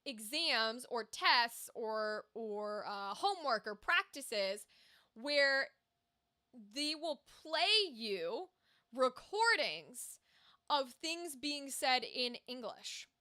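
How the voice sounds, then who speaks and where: A woman's voice: sits high, big pitch swings, extremely slow, sharp tone. A woman streaming as a voice actor, chatting casually and candidly, swearing freely with lots of asides. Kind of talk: casual livestream chat.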